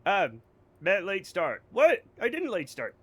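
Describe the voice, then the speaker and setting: A man's voice: high voice, very animated, measured pace, fairly bright tone, breathy edge. An American man streaming a game, joking and rambling to his chat. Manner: jokey, rambling, talks to chat. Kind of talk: casual livestream chat.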